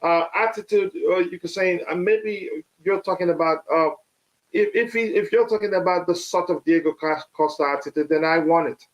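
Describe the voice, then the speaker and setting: A man with a somewhat high voice hosts a live football chat stream. He talks casually, stopping often on "uh" and restarting his sentences, and his voice sounds a little hoarse. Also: poor audio. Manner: halting, many "uh" fillers and restarts. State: slightly hoarse.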